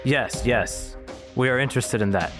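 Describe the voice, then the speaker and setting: A man improvising a businesslike male soldier robot in a comedy sketch, speaking in a quiet, subdued official tone. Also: mid-range voice, normal speed, over music, lightly acted. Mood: dry.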